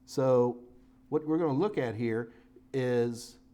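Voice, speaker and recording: A man's voice: mid-range voice, takes it slowly, dark tone. A middle-aged man giving a live-streamed technical lecture as an IT certification instructor, casual and joking as he talks through his slides.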